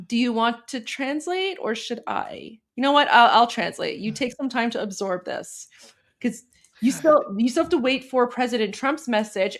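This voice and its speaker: A woman from Iran co-hosting a live stream, chatting with emotion and then reading a translated message aloud. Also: on the high side. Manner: emotional, speaks with repeated restarts.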